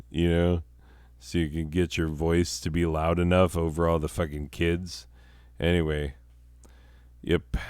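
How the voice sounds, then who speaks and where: Very deep, slow, profane rambling man. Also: a little mellow, clean tone, no echo, studio quality. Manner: profane, meandering, laughs at own jokes; sarcastic. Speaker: podcast host. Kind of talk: rambling comedic monologue.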